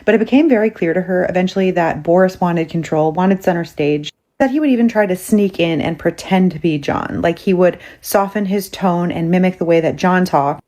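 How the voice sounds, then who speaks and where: Female storyteller, lower voice, brisk conversational retelling, quotes people as she goes. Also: a little mellow.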